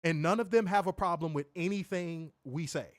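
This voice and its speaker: A man's voice: a little high, brisk, no echo, clean studio sound. Man talking back to his live chat. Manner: animated, talks back to chat comments. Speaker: wrestling show co-host. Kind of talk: casual live-stream commentary.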